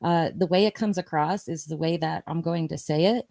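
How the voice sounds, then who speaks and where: A woman's voice: low-pitched, brisk, vocal fry, dark tone. A woman co-host and medium, chatting casually and telling stories about her sessions. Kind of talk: casual chat.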